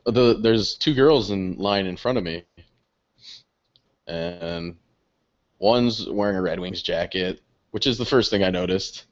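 A young man co-hosting a podcast, telling stories in casual chat. He swears often, laughs through his stories and jumps high when he quotes other people. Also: a little slow, pauses often. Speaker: podcast co-host. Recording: dull lo-fi podcast audio.

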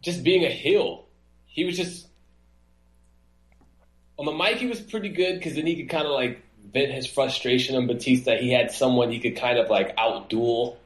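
A man co-hosting a laid-back podcast, animated, breaking into a high mocking voice to act out what others said. He sounds like he's in an echoey room, at a middle pitch. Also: moderate pace. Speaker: podcast co-host. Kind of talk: casual wrestling podcast chat.

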